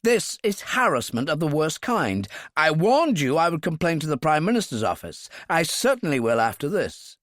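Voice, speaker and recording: An indignant, blustering senator, pushed high and lively in pitch, as a male narrator reads him. Recorded close and dry. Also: a little slow, hardly any pauses, no room sound, heavily acted.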